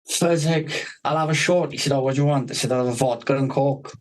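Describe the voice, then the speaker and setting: A man's voice: medium pitch, fast, poor audio. Swearing man telling a story. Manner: rambling, swears constantly, acts out quoted people. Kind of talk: casual podcast storytelling.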